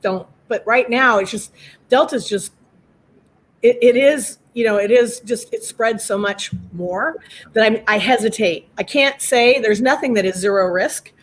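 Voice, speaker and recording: A woman's voice: fairly high pitch, a little slow. A woman scientist on a video call, explaining in plain everyday comparisons. She often breaks off and starts her thought again. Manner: explains with everyday comparisons, many fillers and restarts. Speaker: scientist guest.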